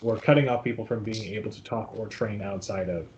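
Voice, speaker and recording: A man's voice: fairly low pitch, brisk, darkish tone, a little hiss or hum, low-quality recording. Wry joking man on a podcast. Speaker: podcast co-host. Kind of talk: casual podcast chat.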